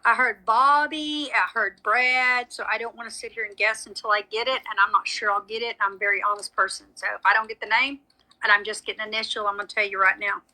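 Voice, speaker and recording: A woman's voice: a little high, fairly even intonation, fast talker, pushed and bright, low-quality recording. A woman giving a live psychic reading, chatty and frank with frequent apologies. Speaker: psychic medium. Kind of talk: live social media reading.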